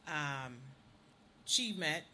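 A middle-aged woman co-hosting a talk show, telling stories in a lively way and laughing often. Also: low voice, very slow, slight background noise. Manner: animated storyteller, laughs often. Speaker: radio show co-host. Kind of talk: casual chat, storytelling.

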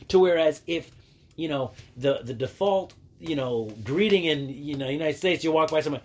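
A man in his forties hosting a casual solo podcast, rambling with restarts and acting out quoted greetings in a higher voice. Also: moderate pace, a little mellow. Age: 40s. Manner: rambling with many restarts and fillers. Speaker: podcast host.

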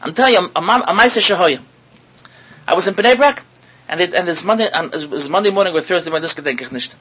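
A man giving a sermon to an audience as a rabbi, animated and full of rhetorical questions, repeating his words and mixing in Hebrew and Yiddish terms. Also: high-pitched, fast, slightly rough, low-quality recording.

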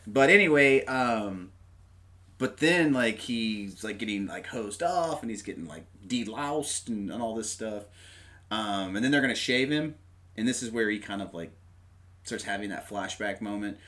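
A man chatting casually about a movie, rambling with lots of fillers and animated retelling of scenes. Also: lowish voice, normal speed.

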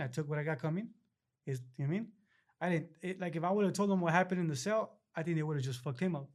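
A young man with a slightly raised pitch, speaking in loose, laid-back street slang. He tells long stories in a casual interview and slips into other people's voices when he quotes them. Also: darkish tone. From Los Angeles area, California. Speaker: interview guest.

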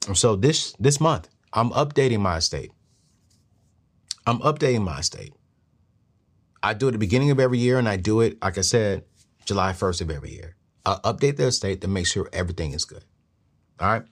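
A middle-aged man hosting a show and giving money advice in an earnest, preachy way that climbs higher when he presses a point. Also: expressive, brisk, long pauses. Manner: earnest, preachy, rises in pitch when emphatic. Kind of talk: motivational talk to camera.

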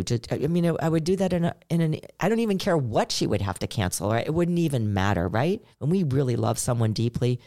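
A woman's voice: a bass voice, fast talker, hardly any pauses. A middle-aged woman co-hosting a podcast, telling a personal story in an earnest, conversational way and acting out the lines she quotes. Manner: earnest, storytelling, animated when quoting. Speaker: podcast co-host. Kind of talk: casual chat.

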